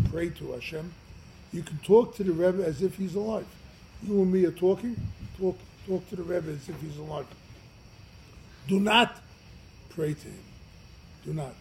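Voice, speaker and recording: Rabbi giving a class, slightly high voice, earnest and emphatic, faint noise behind him. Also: male voice, poor audio. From United States. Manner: earnest, emphatic, swings from loud to quiet. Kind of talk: storytelling Torah class.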